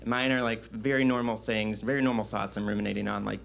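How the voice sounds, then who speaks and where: A man from the US South performing a confessional stand-up set in a small comedy club, telling stories deadpan with sudden high-pitched voices for the people he quotes. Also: fast talker, gravelly, hardly any pauses, slight background noise.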